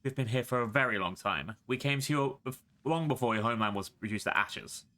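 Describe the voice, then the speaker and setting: A man's voice: mid-range voice, fairly quick, pushed and bright, close to an everyday voice. A man voicing a scheming female cult priestess who mocks and taunts her enemies. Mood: gloating. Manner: mocking, taunting.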